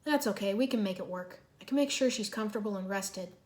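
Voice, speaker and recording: A woman's voice: medium pitch, quick pace, darkish tone, natural voice. Woman doing a folksy dock foreman. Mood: gruff. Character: gruff male dock foreman, working-class.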